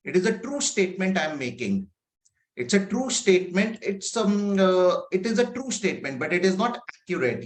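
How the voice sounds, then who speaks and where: A man from India with a fairly high voice leads an online coaching session over a video call. He talks loosely, full of fillers, and keeps asking the group rhetorical questions. The sound carries a noticeable room echo. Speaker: agile coach.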